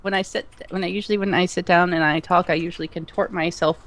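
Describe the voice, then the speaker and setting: A co-host in casual livestream chat over a voice call, halting and restarting sentences. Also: mid-range voice, steady tone, fairly bright tone.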